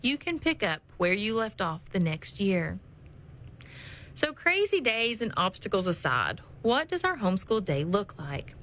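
A middle-aged mother giving calm, reassuring advice about homeschooling in a scripted talk. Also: mid-range voice, unhurried, a little hiss or hum, low-quality recording.

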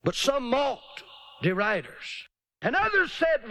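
Preacher guy, high lively voice swinging all over, dry close sound. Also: slow pace, no room sound. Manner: animated, dramatic preaching with mocking put-on voices. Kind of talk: sermon.

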